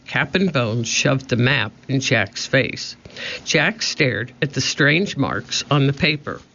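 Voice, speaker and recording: A man narrating a children's storybook with slow, measured reading. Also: medium pitch, lively intonation, creaky, bright, forceful tone. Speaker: audiobook narrator. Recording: dull lo-fi recording.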